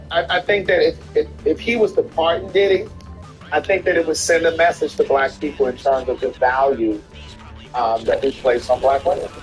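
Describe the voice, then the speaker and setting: Man, high voice, opinionated casual chatter, repeats himself for emphasis, faint music behind. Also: low-quality recording. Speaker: streamer co-host. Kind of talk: casual chat while gaming.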